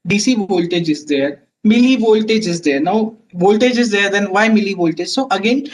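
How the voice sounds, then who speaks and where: A man's voice: high-pitched, moderate pace, rough recording. A man presenting a technical webinar, explaining test instruments step by step with frequent fillers and restarts.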